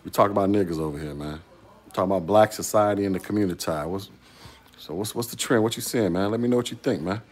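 A man's voice: sits low, quick pace. A man hosting a casual YouTube talk, answering a viewer's comment with rhetorical questions.

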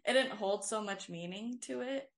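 A young woman co-hosts a casual faith podcast, where she also serves as a worship leader, sharing a personal testimony in an earnest, rambling way. Her mid-range voice moves at a normal speed, and her storytelling is packed with fillers like "um" and frequent "like."

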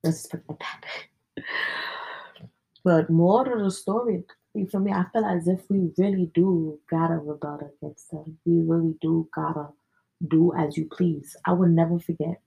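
A woman's voice: lowish voice, steady tone, moderate pace, gravelly, dark tone, husky, rough recording. A young adult woman hosting a podcast, telling personal stories in a slangy, candid, casual way with plenty of swearing. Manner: slangy, candid, sprinkled with profanity. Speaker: podcast host. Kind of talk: casual storytelling chat.

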